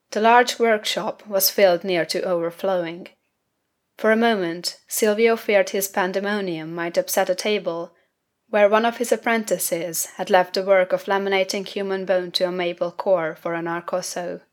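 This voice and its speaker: A woman narrating a fantasy novel in a measured, unhurried literary reading. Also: lowish voice. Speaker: audiobook narrator. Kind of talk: scripted narration.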